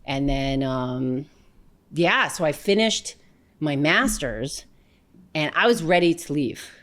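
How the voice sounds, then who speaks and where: A woman from New York, a comedian guest telling stories in a casual interview, animated and chatty with lots of fillers and asides. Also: sits low, takes it slowly.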